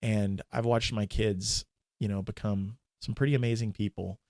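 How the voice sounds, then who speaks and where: A man in his forties, a minister and podcast guest, telling a candid, emotional personal story in a halting way with many restarts. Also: lowish voice, fairly even intonation, a little mellow, no room sound, studio quality.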